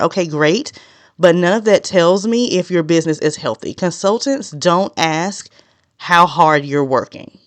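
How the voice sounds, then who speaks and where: Smooth, dry-voiced woman podcast host. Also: fairly low pitch, dry recording. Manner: direct and no-nonsense, consciously slowing a naturally fast delivery. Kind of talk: solo podcast monologue.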